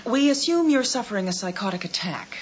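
An actress playing a calm, patient hospital psychiatrist who asks measured, gently probing questions. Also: female voice, medium pitch, slight background noise, lightly acted. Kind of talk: television drama acting. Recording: dull, slightly muffled TV soundtrack.

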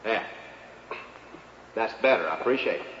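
A man's voice: fairly low pitch, expressive, normal speed, background noise. A man telling a folksy comic tale in a live monologue, in a dull, echoey live recording. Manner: folksy drawling storyteller, feigned humility. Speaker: comedian.

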